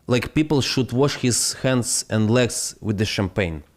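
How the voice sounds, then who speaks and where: Excitable Ukrainian-accented male streamer. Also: mid-range voice, unhurried. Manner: excitable, swearing, broken English. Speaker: crypto stream host. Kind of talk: live stream commentary.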